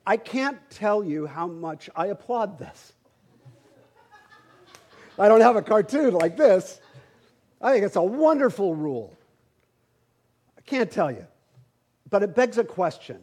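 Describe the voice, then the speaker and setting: A man's voice: high-pitched, very animated, unhurried, long pauses, darkish tone, slightly rough. A middle-aged man, a pastor, preaching a sermon through a humorous, conversational personal story, often repeating words as he starts sentences.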